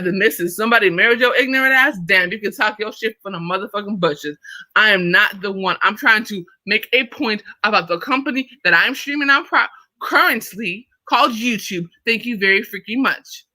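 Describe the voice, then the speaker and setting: A woman hosting a livestream, ranting in an irritated, profane, confrontational way at a fast and emphatic pace. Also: medium pitch, animated, bright, forceful tone, dry recording, rough recording. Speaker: livestream host. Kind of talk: livestream commentary rant.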